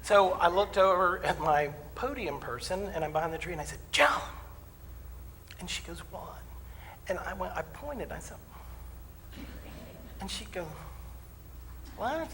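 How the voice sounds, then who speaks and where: Man, minister, humorous sermon, folksy storytelling, slightly high voice, echoing church hall, faint background noise. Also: normal speed, a bit bright. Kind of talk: sermon with personal stories. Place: church sanctuary. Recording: distant mic in a reverberant hall.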